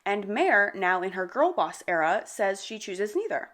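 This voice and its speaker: Slangy, animated young woman recapping a book. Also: medium pitch, moderate pace, a little hiss or hum. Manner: animated slangy commentary with dramatic asides.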